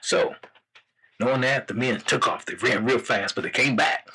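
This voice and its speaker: A man's voice: mid-range voice, normal speed, bright, forceful tone, husky. A man hosting a casual talk show, laughing often and repeating himself as he tells jokes. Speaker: host. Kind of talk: casual chat.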